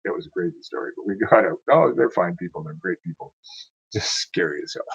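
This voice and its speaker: A man's voice: low voice, animated, fairly quick, creaky, husky, no room sound. A tired man who reads poems aloud, then rambles and corrects himself as he stumbles over words. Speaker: poetry reader. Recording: dull lo-fi sound, dry.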